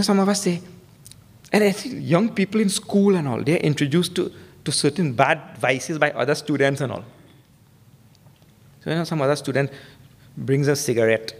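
A man giving a humorous sermon as a spiritual teacher, telling stories and acting out quotes with emphatic stress. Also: gravelly. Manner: humorous storytelling with acted quotes; emphatic, rising pitch for stress.

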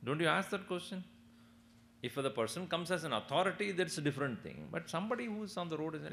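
Male spiritual teacher, expressive sing-song delivery with a gravelly edge. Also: fairly high pitch, fairly quick, pauses often, slight background noise. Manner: animated, chuckling, asks the audience questions. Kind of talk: discourse with storytelling.

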